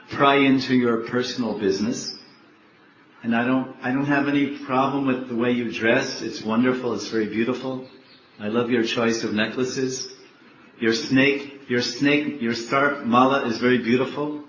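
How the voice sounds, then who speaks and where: Coy goddess wife, soft and hesitant, coaxing her husband with questions, as a man puts her on; dull, echoey room sound. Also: medium pitch, a little hiss or hum, natural voice.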